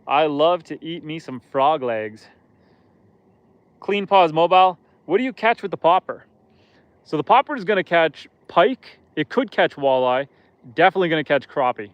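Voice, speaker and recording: A man with a somewhat high, smooth voice chats casually with his viewers from a boat, poking fun at himself. The audio is a bit muffled and dry, with no echo. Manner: chatty, self-deprecating, joking. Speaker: live-stream host. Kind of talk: casual live-stream chat, reading viewer comments. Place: outdoors on a lake, in a boat.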